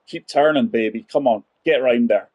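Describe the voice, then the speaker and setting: A man doing casual gameplay chat, forties, husky, dry close sound. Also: medium pitch, normal speed, darkish tone, no echo. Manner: chatty, rambling, talks to viewers as guys. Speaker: gaming channel host.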